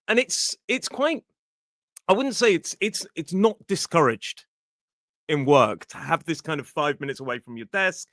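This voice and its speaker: Lively bright-voiced British man explaining. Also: on the high side, no room sound, clean studio sound. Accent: British English. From Britain. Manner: explains words slowly for learners, friendly. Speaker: podcast host and English teacher. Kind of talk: casual podcast chat teaching vocabulary.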